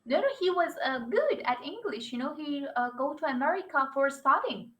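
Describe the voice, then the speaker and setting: A woman's voice: sits high, lively intonation, moderate pace, fairly bright tone, poor audio. A young woman English teacher chatting casually and animatedly about her students, with non-native phrasing. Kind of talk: casual chat.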